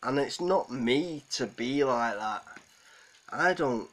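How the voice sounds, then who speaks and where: A man's voice: mid-range voice, expressive, takes it slowly, a bit bright, rough recording. A man hosting a live stream, holding back tears as he rambles and answers viewers' comments. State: close to tears. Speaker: livestream host. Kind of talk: emotional live stream chat.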